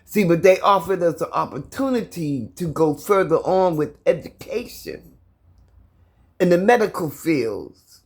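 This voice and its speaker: In her apartment, a middle-aged American vlogger records an emotional personal video, speaking to her viewers directly and passionately, repeating herself, stuttering and holding back tears. Her voice is fairly low and husky, a little slow, with lively intonation.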